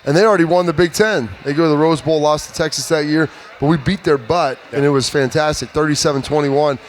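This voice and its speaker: Man, thirties, former player, lively storyteller, slightly high voice, faint background noise. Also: fast. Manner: animated storyteller, acts out trash talk. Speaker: former player on a sports panel. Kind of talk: casual sports talk.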